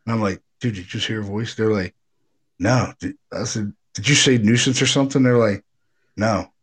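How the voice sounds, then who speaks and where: With a fairly low, husky voice at normal speed, this middle-aged paranormal investigator recounts a ghost story. The telling wanders casually, he swears without restraint, and he voices the quotes of those involved.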